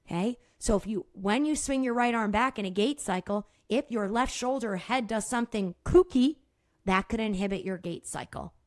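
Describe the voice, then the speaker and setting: A middle-aged woman hosting her own podcast as a movement therapist, explaining in a casual, energetic way, swearing freely and laughing at herself. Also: medium pitch, normal speed, no room sound, studio quality.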